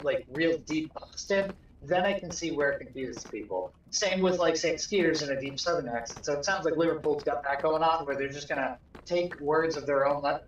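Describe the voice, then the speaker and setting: A man chats loosely on a gaming livestream, circling his point with fillers and restarts. His voice sits a little high, and the stream audio is dull and lo-fi with a faint hiss underneath. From northeastern United States. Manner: rambling, many fillers and restarts. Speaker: livestream co-host. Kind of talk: casual gaming chat.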